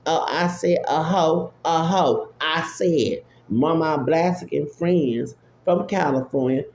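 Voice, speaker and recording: Gravelly man ranting in a roomy space. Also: a little high, slow pace, a little mellow. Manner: profane, repetitive, exclamatory. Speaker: vlogger. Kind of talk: unfiltered rant. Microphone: phone app recording. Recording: roomy echo with faint hum.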